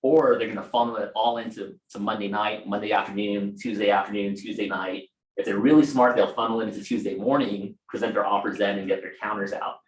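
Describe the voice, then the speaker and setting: Low-voiced man teaching in an echoey room. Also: fairly even intonation, fairly quick. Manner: conversational, fillers and asides to the room. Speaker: real estate trainer. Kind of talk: casual training talk.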